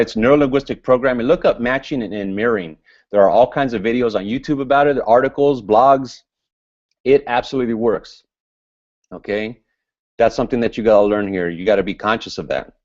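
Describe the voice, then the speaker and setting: A man presents at a business seminar in a loud, fired-up motivational style, his voice sitting fairly low. The recording is dull and lo-fi. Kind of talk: motivational training talk.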